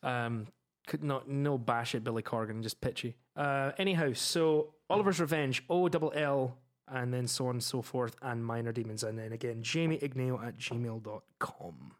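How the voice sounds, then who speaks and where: Male podcast co-host, mid-range voice, relaxed and easygoing with frequent laughs. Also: mid-range voice, moderate pace. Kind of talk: casual chat.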